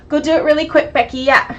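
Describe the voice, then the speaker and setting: A woman with a cold, raspy and sniffly, chatting through a live online bag-making class and greeting viewers by name. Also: high-pitched, fairly bright tone. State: sick with a cold, hoarse and sniffly. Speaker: bag-making sewing instructor.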